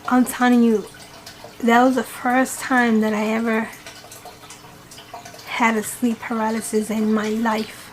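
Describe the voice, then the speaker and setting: A woman's voice: on the high side, little pitch movement, measured pace, long pauses. Emphatic woman telling a scary story. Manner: dramatic, emphatic retelling with swearing. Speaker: vlogger. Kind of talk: storytime vlog.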